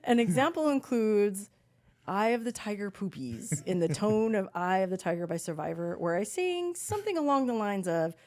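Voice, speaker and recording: A woman podcast co-host telling stories in casual chat, animated and swearing, acting out quotes. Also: mid-range voice, moderate pace.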